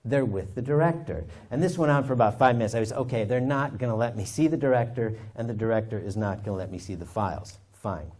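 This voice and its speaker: A man, an author and historian, telling stories from his research in a lively anecdotal way. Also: fairly low pitch, fast talker, few pauses. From United States. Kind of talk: storytelling talk.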